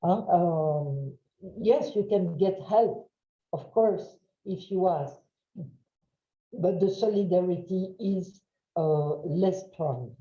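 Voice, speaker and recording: A woman with a French accent giving a webinar lecture, halting with many fillers and checking in with "huh?". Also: fairly low pitch, dark tone. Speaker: webinar trainer. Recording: roomy, dull lo-fi sound.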